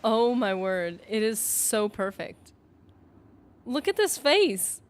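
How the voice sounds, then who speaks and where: A young woman livestreaming a game, talking casually in a rambling, animated way, filling her sentences with "like". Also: fairly high pitch, slow pace. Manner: rambling, animated, heavy use of "like". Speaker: gaming streamer. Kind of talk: casual live-stream commentary.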